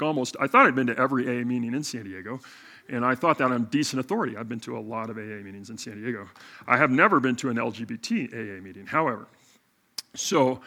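A middle-aged male pastor telling a story in a sermon, animated and self-mocking. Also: medium pitch.

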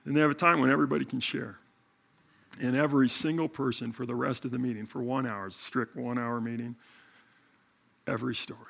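A middle-aged male pastor telling a story in a sermon, animated and self-mocking. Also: mid-range voice, fairly quick, creaky, long pauses.

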